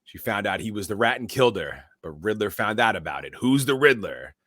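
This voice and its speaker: Man excitedly recapping a movie. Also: fairly low pitch, no echo, studio quality. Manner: animated, acts out movie lines in quick put-on voices. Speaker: podcast co-host. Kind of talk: casual movie recap chat.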